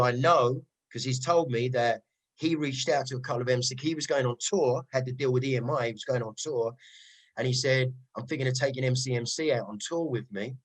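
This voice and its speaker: Cockney man, middle-aged MC guest, lively storyteller in a casual interview. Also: mid-range voice, poor audio. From East London. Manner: animated storyteller, frequent "right?" asides. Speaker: rave MC guest.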